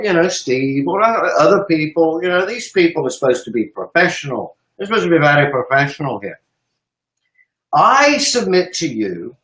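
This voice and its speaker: A man's voice: fairly high pitch, reverberant, low-quality recording. A man in a profane, emphatic ranting monologue, swearing heavily to make his point. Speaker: commentator.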